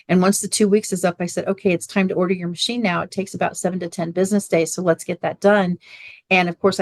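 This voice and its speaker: A middle-aged woman, a guest on an interview show, telling a lively personal story and acting out family dialogue. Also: on the low side, no echo. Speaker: guest, water machine business owner.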